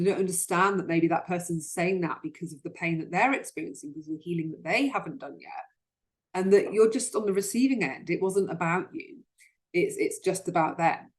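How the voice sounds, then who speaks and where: A woman hosting a solo self-help talk, speaking earnestly and often repeating words as she starts a sentence. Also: lowish voice. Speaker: host.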